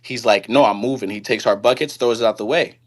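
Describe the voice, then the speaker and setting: Calling in to a live stream for a casual chat, a man speaks earnestly in a fairly low voice and at a fairly quick clip. He restarts often and retells a story through quoted dialogue.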